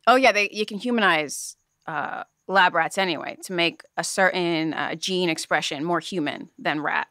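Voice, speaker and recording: Woman podcast co-host who explains the news. Smooth, lower voice, recorded close and dry. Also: moderate pace, sharp tone, no room sound. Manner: earnest explainer, laughs easily. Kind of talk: casual chat, explaining news.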